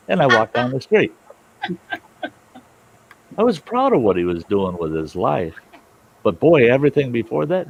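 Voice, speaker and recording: A man's voice: low-pitched, sing-song, normal speed, vocal fry, slight background noise, poor audio. A middle-aged man hosting a storytelling show, telling a story in a rambling, folksy way with plenty of cussing. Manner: folksy, rambling, salty-tongued. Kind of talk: casual spoken storytelling.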